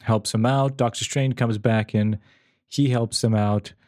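Animated rambling man in casual chat. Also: mid-range voice, a little slow. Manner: rambling and animated, many restarts and laughs.

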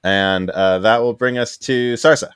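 A man narrating as game master of a tabletop game, relaxed and hedging as he talks. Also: medium pitch, measured pace, clean tone, no room sound, clean studio sound.

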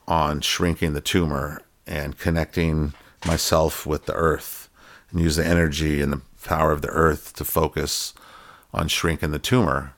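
A middle-aged man telling a personal story in a casual, rambling way, full of fillers and restarts. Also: a bass voice. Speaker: guest telling his story.

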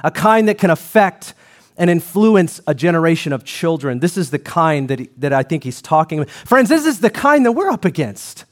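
A man with a fairly high voice preaching from the pulpit. He drives home points with rhythmic repetition, then drops low for quieter asides. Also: sing-song, moderate pace. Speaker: pastor. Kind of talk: sermon.

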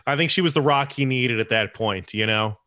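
A man's voice: medium pitch, brisk, pushed and bright, no room sound, studio quality. A man chatting casually and crudely about a movie, loose and laughing as he talks.

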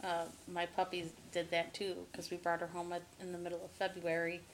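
A woman's voice: lowish voice, completely flat delivery, fairly quick, slight background noise. A woman co-hosting a podcast in casual chat, talkative, laughing often and swearing freely. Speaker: podcast co-host.

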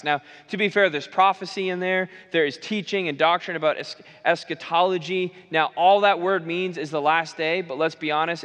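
A man delivers an earnest sermon, stacking repeated phrases and dropping the odd wry aside. His voice sits a little high, and it rings out with a long reverb through a church sanctuary. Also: a bit bright. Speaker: minister.

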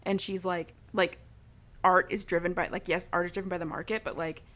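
A woman's voice: lowish voice, little pitch movement, brisk, fairly bright tone. A young woman in casual chat, retelling a story in a chatty, filler-heavy way and acting out the lines of the people in it. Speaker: podcast co-host recapping a story.

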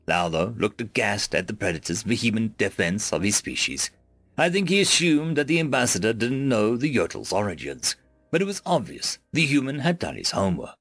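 A man reading a sci-fi story aloud in first person as an audiobook narrator, with expressive, varied delivery. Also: fairly low pitch, fairly quick, no room sound. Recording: dry close mic with faint music.

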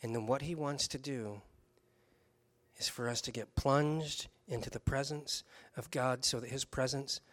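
A man preaching from the pulpit, spinning a personal story with lively, chuckling storytelling. His voice sits at an ordinary middle pitch for a man. He moves from an easy anecdote toward a pastoral point. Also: a little slow.

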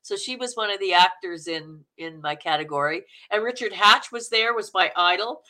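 Chatty Canadian woman, bright voice. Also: on the low side, animated, moderate pace. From Manitoba, Canada. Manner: chatty, rambling, laughs often. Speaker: guest, actor and acting coach. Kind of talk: casual interview chat.

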